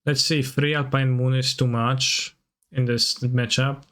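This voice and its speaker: A man's voice: medium pitch, level tone, a little slow, fairly bright tone. A man streaming a card game, chatting casually with viewers and breaking into playful, goofy sing-song noises. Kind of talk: casual stream chat over gameplay.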